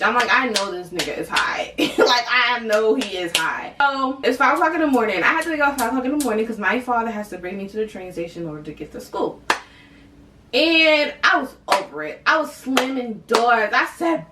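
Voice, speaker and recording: A young woman vlogger telling a personal story in casual, animated, slang-heavy chat, talking to her viewers. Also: on the high side, a little fast, far from the mic. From Boston area. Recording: roomy, from off the mic, faint hiss.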